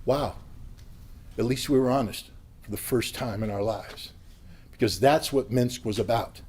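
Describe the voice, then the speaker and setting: A man giving an impassioned, blunt political speech at a convention, sometimes rising to a yell. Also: medium pitch, a little slow, husky. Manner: blunt, combative, rising to yelling. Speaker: convention speaker. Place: convention hall.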